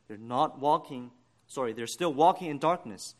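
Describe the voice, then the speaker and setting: A man delivering a sermon in a steady, mid-range voice. He speaks earnestly and deliberately, lifting his voice at key points and dropping it low at others. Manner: earnest, deliberate preaching with rising emphasis. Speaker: preacher.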